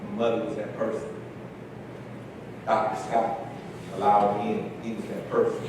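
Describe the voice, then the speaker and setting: A man telling stories as a conference keynote speaker, animated and driving his points home by repeating them. He sounds distant from the mic, and his voice booms around a large hall with a steady hiss of background noise. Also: normal speed. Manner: animated, repeats key phrases for emphasis. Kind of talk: inspirational storytelling speech. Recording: echoey hall from far off, noisy.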